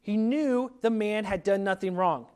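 Male preacher, high tenor register, earnest and emphatic sermon delivery. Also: measured pace, darkish tone, smooth.

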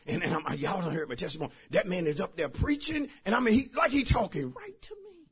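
Man, pastor, fervent testimony sermon, very high voice, lively rising and falling pitch. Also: fast, hardly any pauses, husky. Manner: fervent, repetitive, talks straight to the congregation.

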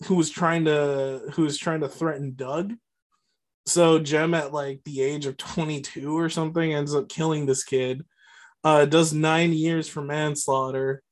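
A man with a slightly high voice walks through a film plot in casual podcast chat. He rambles, stopping and restarting with plenty of ums and uhs. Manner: rambling, many fillers and restarts. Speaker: podcast co-host. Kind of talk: casual movie recap chat.

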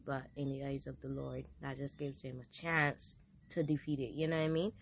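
A woman's voice: extremely low pitch, flat delivery, normal speed, vocal fry, slight background noise. Fervent woman preaching, voice wearing out. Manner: fervent, builds to loud exclamations, reads scripture aloud. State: losing her voice. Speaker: podcast host giving a devotional. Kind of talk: informal preaching.

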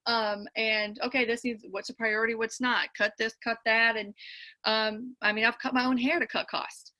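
A woman's voice: fairly high pitch, flat delivery, normal speed, pushed and bright. A woman guest in a casual interview, explaining her views earnestly with many "um"s.

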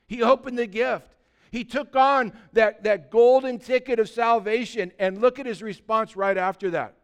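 A man preaching a sermon as pastor, impassioned and rising to loud, emphatic peaks. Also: very high voice, normal speed, smooth.

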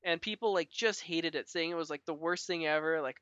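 A man's voice: a little high, fairly quick, a bit bright, clear, resonant tone, no echo, dull audio. A man co-hosting a podcast in casual chat, talking in a loose, chatty way with many "like" fillers and frequent laughs. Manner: chatty, heavy use of "like" fillers, laughs often. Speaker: podcast co-host.

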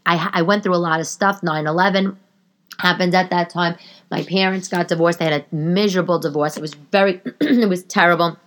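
Woman in her 30s doing a rambly podcast monologue, bit of a low voice, lots of restarts. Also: steady tone, a little fast, fairly bright tone. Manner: chatty, rambling with frequent restarts and asides. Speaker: podcast host. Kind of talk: casual monologue. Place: living room.

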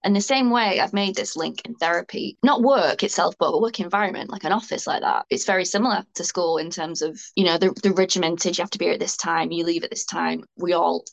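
A woman's voice: fairly low pitch, quick pace, vocal fry, few pauses, rough recording. A young woman, a guest speaking frankly and ramblingly about her own experiences in a candid interview. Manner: frank, rambling, self-deprecating.

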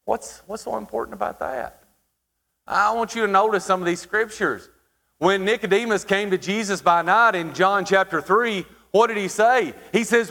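A man preaching a sermon, asking the congregation questions and pausing for emphasis. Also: high voice, sharp tone. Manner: preaching with rhetorical questions and dramatic pauses. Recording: hall reverb.

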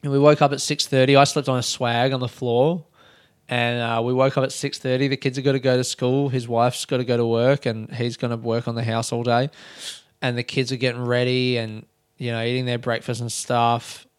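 An Australian man in his thirties, hosting a solo podcast, telling rambling, profane stories and acting out shouts. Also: medium pitch, level tone, a little fast, clean tone, dry recording, studio quality. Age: 30s. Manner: rambling, swears freely, acts out shouts. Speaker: podcast host. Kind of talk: casual solo storytelling.

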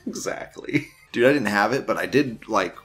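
A man's voice: fairly low pitch, expressive, normal speed, a bit bright, soft background music. A man hosting an online news show, reading forum posts aloud and mocking them with crude, profane remarks and frequent laughter.

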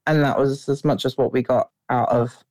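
A woman's voice: a bass voice, steady tone, normal speed, dark tone, no room sound. A woman calling in to a podcast, telling her story in a chatty way with many fillers. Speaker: caller.

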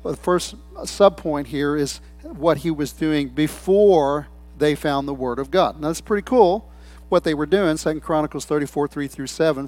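A man's voice: fairly high pitch, normal speed, darkish tone. A man preaching a sermon in a loose, conversational way, telling stories and quoting people in different voices. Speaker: pastor.

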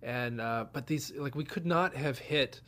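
A man telling a funny anecdote in casual chat, acting out the people in it. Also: measured pace. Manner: animated, acts out quoted voices with big pitch jumps. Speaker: storyteller guest.

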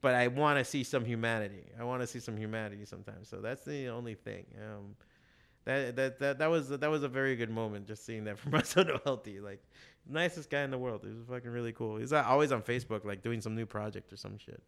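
A man, a comic shop owner guest, talking in a rambling, profane, animated casual chat full of fillers. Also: medium pitch, fast, gravelly.

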